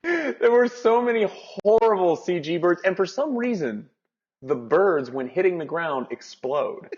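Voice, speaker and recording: A man's voice: sits high, animated, measured pace, a little mellow, breathy edge. A man co-hosting a casual movie review podcast, rambling, restarting his sentences and laughing often. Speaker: podcast co-host. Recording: dull lo-fi podcast audio.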